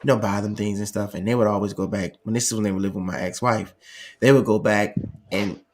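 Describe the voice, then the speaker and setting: Speaking quickly in a voice on the low side, a man recounts a family story during a relaxed chat. He laughs a lot and animatedly imitates the voices of the characters, while the recording has a lot of background noise.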